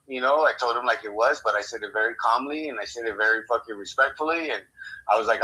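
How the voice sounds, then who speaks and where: A man's voice: mid-range voice, quick pace, pushed and bright, husky, rough recording. A man co-hosting a podcast, telling a story in casual, rambling talk full of swearing. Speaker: podcast co-host. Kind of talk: casual conversation.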